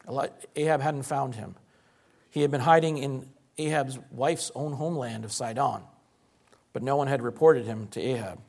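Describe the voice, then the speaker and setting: A man's voice: mid-range voice, a little mellow. Man preaching a conversational sermon. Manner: conversational, rhetorical questions, explanatory. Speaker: pastor.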